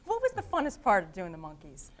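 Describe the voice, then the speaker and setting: A woman's voice: mid-range voice, huge pitch swings, fast talker. A woman hosting a TV interview, upbeat as she leads the questions. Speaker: TV host.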